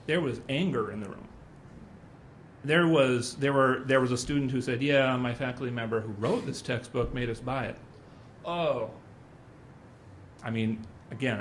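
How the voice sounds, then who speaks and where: A man's voice: mid-range voice, slight background noise. A middle-aged man speaking at a symposium, telling anecdotes in a loose, conversational way. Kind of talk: conference talk.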